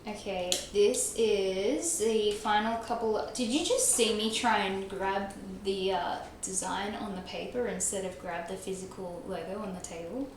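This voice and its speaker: With a mid-range, fairly even voice, a young woman streams gameplay and chats with viewers a little slowly, barely pausing. She's self-deprecating and laughs often, and the recording is very echoey with faint noise.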